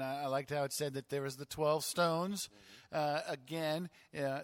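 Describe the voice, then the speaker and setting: A man's voice: a little high, dry recording. Pastor man explaining Scripture. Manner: explanatory, relaxed, with frequent fillers. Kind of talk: conversational Bible teaching.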